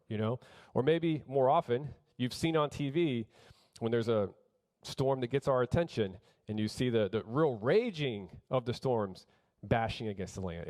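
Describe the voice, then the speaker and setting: A man delivers a sermon at a mid pitch, speaking plainly from the pulpit. He grows emphatic and louder on key points, often restarting phrases as he goes. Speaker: pastor.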